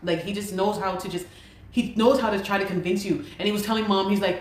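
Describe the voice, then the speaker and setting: A woman's voice: mid-range voice, fairly even intonation, fast talker, slight background noise. A woman from Ghana giving an emotional personal account as an interview guest, exasperated and repeating herself as she vents. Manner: exasperated, repeats words while venting. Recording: roomy echo.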